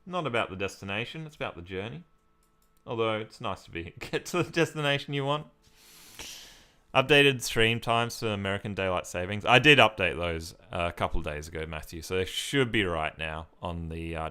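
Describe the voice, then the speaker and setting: A man's voice: low voice, normal speed, bright, forceful tone, clear, resonant tone. An Australian man from Victoria, chatting casually on a live stream as he reads and answers viewer comments.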